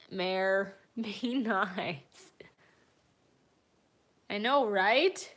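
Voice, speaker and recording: A woman's voice: medium pitch, a little slow, fairly bright tone. A woman hosting a casual live stream from home as a cat breeder, answering viewers' comments, laughing often and cooing baby talk at her cats.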